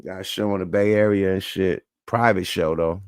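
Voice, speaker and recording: A man's voice: low voice, fairly even intonation, moderate pace, darkish tone, clear, resonant tone, no room sound, clean studio sound. A man hosting a casual livestream chat, talking in loose, profane, laughing banter. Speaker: livestream show host.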